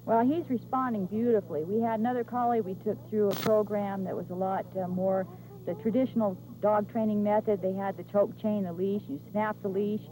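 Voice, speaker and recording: A woman's voice: medium pitch, steady tone, fairly quick, mellow, slight background noise, low-quality recording. A woman dog owner giving a casual, pleased account of her dog's training. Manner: pleased, explanatory. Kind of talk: casual testimonial.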